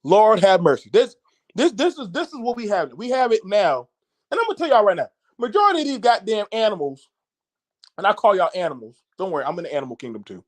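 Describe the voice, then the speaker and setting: A man hosting a podcast, ranting loudly in a profane, mocking monologue with an American accent. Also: sits high, quick pace. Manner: loud, animated, cursing, mocking. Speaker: podcast host.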